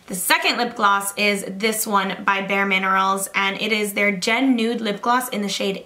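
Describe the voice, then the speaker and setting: A woman's voice: medium pitch, steady tone, moderate pace, bright, forceful tone. A young woman chatting casually in a makeup review vlog, gushing and filling her talk with "like" and "literally", a little out of breath. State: slightly out of breath. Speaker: beauty vlogger.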